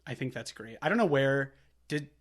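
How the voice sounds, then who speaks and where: A man's voice: mid-range voice, moderate pace. A young man co-hosting a film podcast, chatting casually and retelling scenes with quoted lines and laughs. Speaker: podcast co-host. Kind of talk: casual chat.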